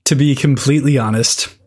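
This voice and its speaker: A man's voice: mid-range voice, a little mellow, slightly rough. A man co-hosting a podcast, chatting casually about a book, laughing often and teasing his co-host. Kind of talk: casual book discussion chat.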